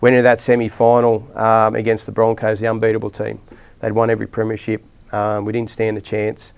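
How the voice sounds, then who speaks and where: A man's voice: fairly low pitch, completely flat delivery, brisk, gravelly, clear, resonant tone. A middle-aged Australian man, a rugby league coach, telling rambling stories in a casual interview with lots of restarts and fillers.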